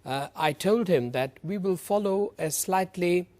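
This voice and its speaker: A man, a lawyer on a TV panel, making his case in deliberate, formal legal phrasing. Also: high-pitched, a little mellow. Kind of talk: panel debate argument.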